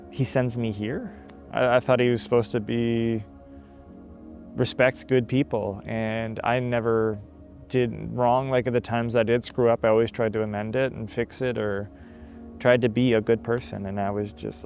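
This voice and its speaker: A young man telling a personal testimony in a halting way, with many fillers and repeated words, over faint background music. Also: mid-range voice, darkish tone. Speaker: testimony guest.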